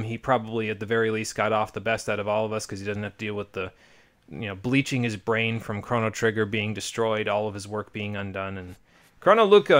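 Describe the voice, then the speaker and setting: A man's voice: lowish voice, fairly bright tone. An American man streaming a game live, talking casually with sarcastic, profane, rambling asides. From United States. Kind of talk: live let's play commentary.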